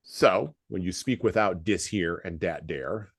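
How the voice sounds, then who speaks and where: Deep-voiced measured American host. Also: male voice, slightly rough, dry recording, clean studio sound. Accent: flat Midwestern American. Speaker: podcast host. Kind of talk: casual podcast conversation.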